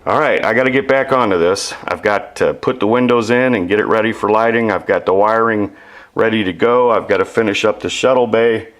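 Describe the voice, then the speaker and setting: A man's voice: fairly low pitch, fairly quick, fairly bright tone. A man chatting casually while he explains his model-building work, self-deprecating and explanatory. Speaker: model maker. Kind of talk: casual workshop narration.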